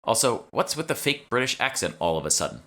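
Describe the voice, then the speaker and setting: A man's voice: medium pitch, sing-song, fast, sharp tone, voice pushed up. A man voicing a young woman game developer who asks dry, wry questions.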